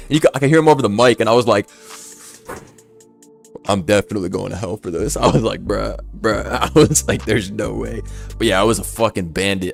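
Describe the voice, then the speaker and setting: A young man telling a story casually, animated and swearing, acting out voices. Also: medium pitch.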